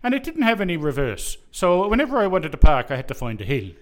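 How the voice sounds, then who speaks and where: A man's voice: huge pitch swings, quick pace. A man putting on a playful Irish accent as a jovial stage Irishman. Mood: jokey. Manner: hammy, playful, high-pitched. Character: jovial stage Irishman, middle-aged male.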